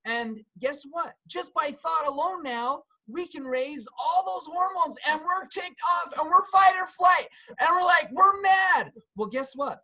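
A man talking as a guest health practitioner in a casual discussion, animated, breaking into loud acted outbursts and dropping into hushed asides. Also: extremely high pitch, unhurried, hardly any pauses, low-quality recording. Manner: animated, acts out angry outbursts and quotes.

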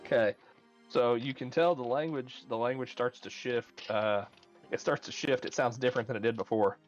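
A man narrating a tabletop game as game master, halting with many fillers and restarts. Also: medium pitch. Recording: muffled lo-fi with faint music.

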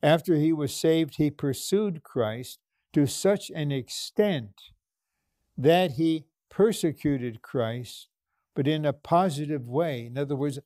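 Slow, dark-voiced male preacher. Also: a little high, no echo, studio quality. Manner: slow, emphatic preaching with repeated phrases and prayers. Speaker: conference speaker. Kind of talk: sermon.

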